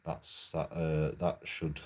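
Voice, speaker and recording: Male host, low voice, loose halting storytelling with casual swearing. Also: level tone, a little mellow. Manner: rambling, halting, swears freely. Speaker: channel host.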